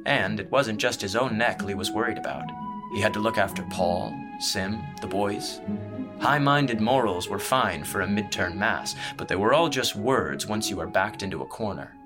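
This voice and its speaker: A man narrates a fantasy tale in a steady, measured reading voice. His voice sits on the low side, and he keeps an even storytelling pace throughout. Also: over loud music. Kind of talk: scripted audiobook narration.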